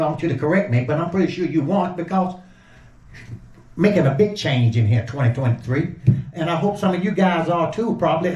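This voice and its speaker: A man, from Georgia, chatting casually to camera while showing off home cooking. He talks in an excitable, exclaiming way. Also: fairly high pitch, echoey room. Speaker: home cook vlogger.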